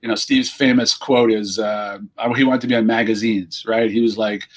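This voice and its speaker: A man's voice: on the low side, steady tone, moderate pace. A middle-aged man, a team founder and CEO, telling stories in a casual interview and acting out the quoted exchanges.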